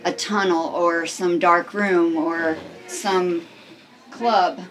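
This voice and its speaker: A woman's voice: lowish voice, steady tone, very slow, slight background noise, low-quality recording. A woman interviewer asking questions with enthusiasm.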